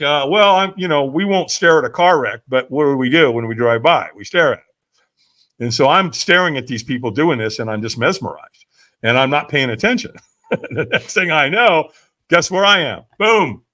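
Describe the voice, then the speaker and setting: Animated, bright-voiced storyteller man. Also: fairly high pitch. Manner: vivid storyteller, frequent "right?" asides, acts out quotes. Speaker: podcast guest, firewalk instructor.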